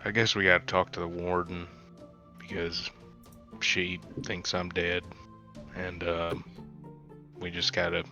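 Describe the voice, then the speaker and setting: A man's voice: low voice, monotone, unhurried, gravelly, long pauses, muffled recording, music in the background. A man playing his character in a tabletop game, hesitant and wry, stopping and restarting. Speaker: player.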